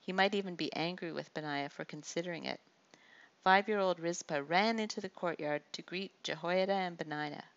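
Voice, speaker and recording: A woman reads a story aloud in steady audiobook style. Her voice is low and gravelly, with noticeable fry. The recording sounds dull and lo-fi. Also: normal speed. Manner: steady storytelling with small slips. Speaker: narrator. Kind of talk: audiobook narration.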